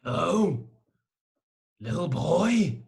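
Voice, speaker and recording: A man's voice: fairly high pitch, lively intonation, very slow, gravelly, a little mellow, exaggerated voice. A man playing a bumbling, blunt detective in a live improv comedy. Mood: bossy. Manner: bossy and blunt. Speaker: improv performer.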